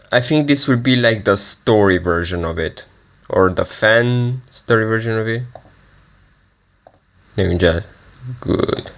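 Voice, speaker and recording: A man hosting a casual game playthrough with a groggy morning voice, who rambles hesitantly and reads the game's story text aloud. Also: on the low side. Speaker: gaming channel host. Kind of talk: casual let's-play commentary, reading game text aloud.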